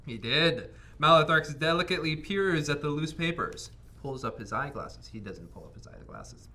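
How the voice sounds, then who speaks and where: A man playing a board game with friends, reading story passages aloud in a lively, playful way with quick quips. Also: on the high side.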